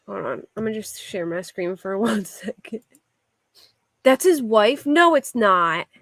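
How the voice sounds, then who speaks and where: A woman's voice: mid-range voice, animated, unhurried, fairly bright tone, no room sound. A woman with a Philadelphia accent, streaming live and chatting loosely with viewers, using lots of filler words. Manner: rambling, with frequent "like" fillers. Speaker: livestreamer. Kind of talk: casual chat answering a live chat.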